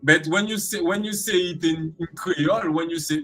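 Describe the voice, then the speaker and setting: A man's voice: fairly high pitch, moderate pace, sharp tone, soft background music, poor audio. A man from Guadeloupe with a Guadeloupean French accent, chatting in an interview and acting out expressions with playful voices. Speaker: creative arts specialist guest. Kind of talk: casual interview chat.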